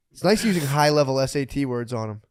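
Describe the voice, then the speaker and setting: A man's voice: medium pitch, smooth, dry recording. A young man co-hosting a comedy podcast, trading crude jokes and laughing often as he acts out silly quotes. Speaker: podcast co-host.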